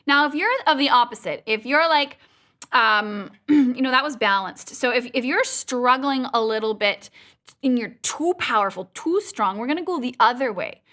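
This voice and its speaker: A woman's voice: a little high, lively intonation, normal speed, fairly bright tone. A woman teaching a live online singing lesson, upbeat and playful, showing exercises with sung sounds over a video call. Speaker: vocal coach.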